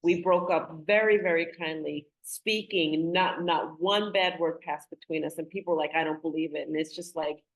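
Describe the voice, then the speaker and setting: A woman's voice: on the low side, steady tone, normal speed, hardly any pauses, poor audio. A woman hosting an interview who reflects and shares her own experience. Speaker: host. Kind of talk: interview conversation.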